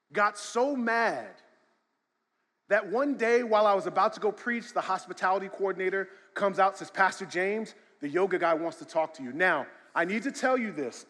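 High-voiced pastor preaching in a hall. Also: male voice, lively intonation, normal speed. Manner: swings from loud shouted emphasis to quiet storytelling. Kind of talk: sermon. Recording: long hall reverb.

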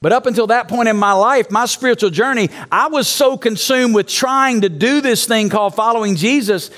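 A man's voice: extremely high pitch, normal speed, a bit bright. A man, a pastor, preaching an emphatic sermon to a congregation in a church, prompting them to call out answers and telling his own story candidly.

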